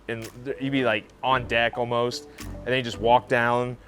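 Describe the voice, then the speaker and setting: A man's voice: medium pitch, little pitch movement, moderate pace, a bit bright. A man with an ordinary voice admiringly describes a teammate's routine. Music plays under him. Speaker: former teammate. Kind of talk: anecdote in interview.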